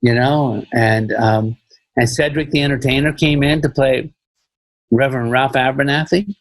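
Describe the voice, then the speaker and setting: In a casual podcast interview, a man speaks as a film director, rambling, repeating phrases and leaning on plenty of "you know"s. His mid-range voice holds a steady tone at a moderate pace, and the rough recording has no room sound.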